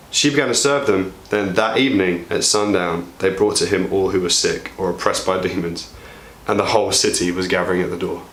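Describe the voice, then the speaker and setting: A man preaching an energetic, joking sermon to his church, his pitch swinging widely as he appeals for volunteers. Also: roomy sound. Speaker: pastor.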